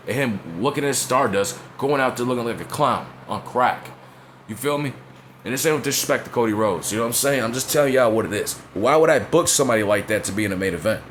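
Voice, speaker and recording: A man's voice: medium pitch, a bit bright, a little hiss or hum. A man ranting in a blunt, profane way in casual talk, often asking if you know what he's saying. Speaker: wrestling commentator vlogger. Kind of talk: casual opinion rant.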